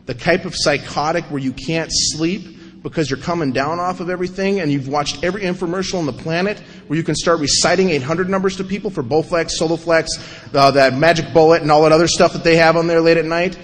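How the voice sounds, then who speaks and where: A man with a fairly high voice tells his story to a crowd at a recovery meeting. He is wry and animated and acts out every scene, and his voice carries a long reverb from the large meeting hall. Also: fast talker, slight background noise.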